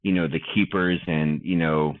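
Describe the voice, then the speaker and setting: A man talking casually as a podcast guest, halting and full of fillers and restarts, heard over a call line. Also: extremely low pitch, fairly even intonation, dry recording. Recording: tinny phone-line call.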